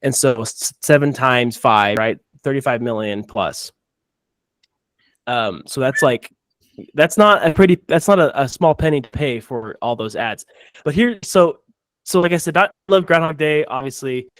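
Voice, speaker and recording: A man's voice: medium pitch, a little slow, no room sound. Chatty man hosting an ad-review podcast. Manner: rambling, animated, many restarts and acted-out quotes. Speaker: podcast host reviewing ads. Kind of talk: casual chat.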